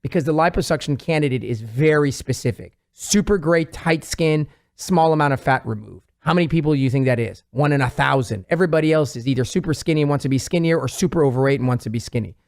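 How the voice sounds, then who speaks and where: A man, a plastic surgeon, chatting on a talk show and telling patient stories in an animated way, acting out what his patients said. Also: a little high, fast, creaky. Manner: animated storyteller, quotes patients in lively voices. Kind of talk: casual talk-show conversation.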